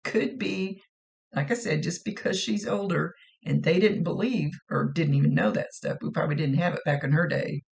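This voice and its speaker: A woman psychic medium talking through a spirit reading in a chatty, self-deprecating way. Her voice carries a steady gravelly fry, and she circles back and repeats her points. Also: sits low, brisk, hardly any pauses.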